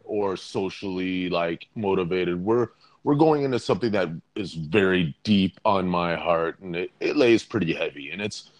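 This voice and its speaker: A man's voice: sits low, normal speed, no echo. A man co-hosting a podcast in a jokey casual rant, playful and often repeating words as he searches for them. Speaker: podcast co-host.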